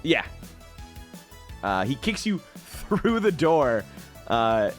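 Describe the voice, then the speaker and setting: A man's voice: medium pitch, very animated, extremely slow, soft background music. A young man narrating a tabletop game as game master, laughing often in a loose, profane way.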